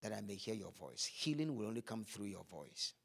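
A man's voice: fairly low pitch, sing-song, fairly quick, vocal fry, breathy edge. A man preaching a sermon, acting out scripture scenes with vivid voices, then turning earnest.

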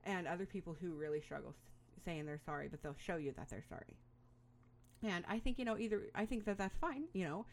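A middle-aged woman with a notably low, deep speaking voice talks through parenting advice in a relaxed, rambling way. She fills her speech with "you know" and "um," and lets small laughs slip in between her thoughts. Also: brisk, a little hiss or hum. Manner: rambling, chatty, with frequent fillers and little laughs. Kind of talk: casual advice monologue.

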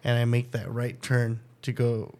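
A man's voice: medium pitch, completely flat delivery, unhurried, a little mellow. Profane storytelling man on a podcast. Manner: profane, laughing, acts out quoted voices. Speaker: podcast host. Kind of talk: casual storytelling chat.

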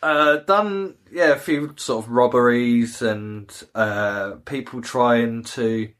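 A man, co-hosting a casual gaming podcast and telling animated stories, acting out voices. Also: medium pitch, takes it slowly. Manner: animated storyteller, acts out voices and laughs at own jokes. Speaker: podcast co-host.

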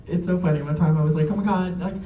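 A young man telling family stories in casual chat, animated and laughing often, with lots of fillers. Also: high-pitched, quick pace, a little hiss or hum. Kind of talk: casual storytelling. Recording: echoey room, a bit far from the mic.

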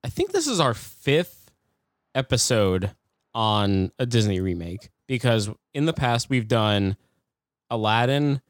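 A man co-hosting a podcast in casual chat, laid-back and quick to laugh. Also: mid-range voice, big pitch swings, no echo, studio quality. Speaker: podcast co-host.

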